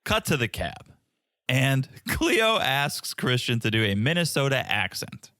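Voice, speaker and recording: A man co-hosts a podcast and recaps reality TV in a playful, storytelling way. His pitch swings widely as he talks, and his voice sits mid-range for a man. The sound is close and dry, with no room around it. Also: very animated, a little slow, bright, forceful tone, no echo. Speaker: podcast co-host. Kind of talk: casual reality-TV recap chat.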